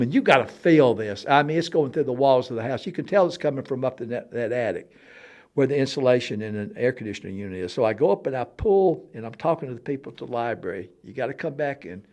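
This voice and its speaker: A man spins a personal tale in relaxed conversation. He drops his voice low for the quiet parts, then bursts loud and high to act out the booming and the shouting, laughing along the way. His voice sits at an ordinary middle pitch for a man. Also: quick pace. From Alabama. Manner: animated, swings from hushed to loud for sound effects, laughs often. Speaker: storyteller guest on a talk show. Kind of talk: casual storytelling conversation.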